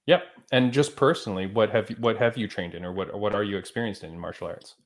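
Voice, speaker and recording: A man's voice: fairly low pitch, fast. A man hosting a podcast, asking casual, friendly questions and checking in with "right?". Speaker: podcast host.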